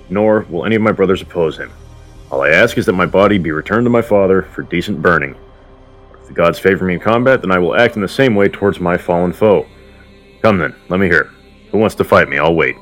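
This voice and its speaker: A bold, commanding warrior prince speaks in a very deep, formal register, as a man reads him aloud. His declamatory lines roll out evenly over faint background music. It is a storytelling voice, not a theatrical one. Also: close to an everyday voice. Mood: challenging.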